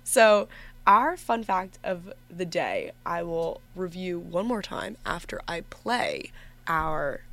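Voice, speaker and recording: A woman's voice: on the low side, slow pace, slight background noise. Giggly young woman hosting college radio. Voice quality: somewhat monotone at times. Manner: chatty, giggly, rambling with self-corrections. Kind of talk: casual radio chat. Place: empty radio station studio.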